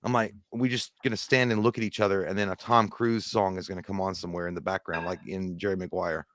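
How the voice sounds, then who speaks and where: A man's voice: sits low, little pitch movement, fast, a bit bright, no echo. A man co-hosting a livestream, rambling casually about movies, swearing and laughing often. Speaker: co-host.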